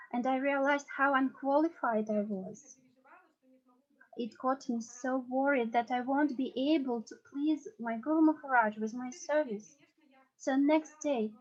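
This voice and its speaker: High-voiced woman telling an earnest story. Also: lo-fi sound. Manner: earnest and halting, with restarts. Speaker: disciple sharing a memory. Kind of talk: personal storytelling at a devotional gathering.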